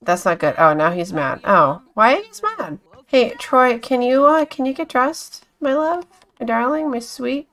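Woman streamer with a bright voice, chatty and giggly, narrating her gameplay casually. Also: a little high, normal speed. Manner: chatty, talks to her game characters; giggly, exclaims often.

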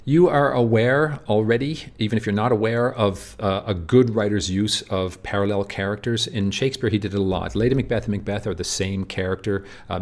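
A man's voice: low-pitched, gravelly. A man teaching literature over slides, often asking "do you see?" between points, with many fillers and restarts.

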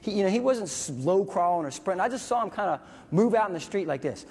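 A man with a husky, slightly breathy voice tells a story to an audience, animated and acting out the voices and sound effects. His words ring out with a long reverb in a large hall. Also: sits high, quick pace. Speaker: military veteran speaker.

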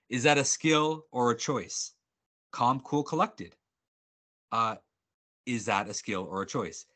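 A male trainer speaks over a video call with a bright, forceful tone that cuts through. His delivery is upbeat and animated, and he jokes with his audience. He restarts his sentences often. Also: medium pitch. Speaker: sales trainer presenting a webinar. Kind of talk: energetic workshop presenting.

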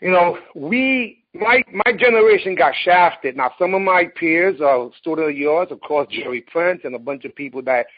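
A man from New York City hosts a relaxed talk, jumping in eagerly and stumbling over his first words. His voice is a little high and husky, and the recording sounds dull. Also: normal speed, few pauses. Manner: enthusiastic, repeats words as he starts his sentences. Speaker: host. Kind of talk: casual interview chat.

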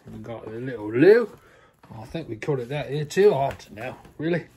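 A man's voice: medium pitch, expressive, normal speed, dark tone, slight background noise, voice pushed down, lightly acted. Outback Jack, a man doing a cheery Aussie wrestler. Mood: jolly. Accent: put-on Australian. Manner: jolly, chatty, laughing. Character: cheery male Australian wrestler toy. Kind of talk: toy play role-play.

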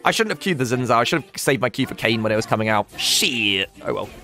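A man's voice: medium pitch, expressive, fast, pushed and bright, soft background music. A young man streaming a video game, commentating casually, swearing and laughing as he talks to chat and teammates.

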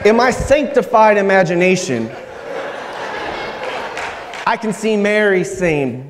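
A man preaching a sermon as guest preacher, measured and humorous, with emphatic pauses. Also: high-pitched, lively intonation, background noise. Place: church sanctuary. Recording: reverberant church hall.

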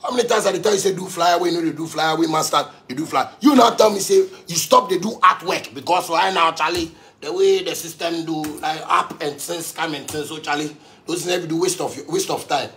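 A man's voice: fairly high pitch, fairly even intonation, brisk, pushed and bright, faint music behind. A man with a Ghanaian accent delivering an angry, profane rant to his audience, repeating himself for emphasis. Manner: heated, profane, repetitive.

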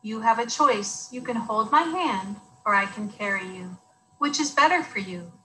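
A woman voicing a calm, patient mother soothing her daughter in a children's story. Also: medium pitch, moderate pace, slight background noise, poor audio.

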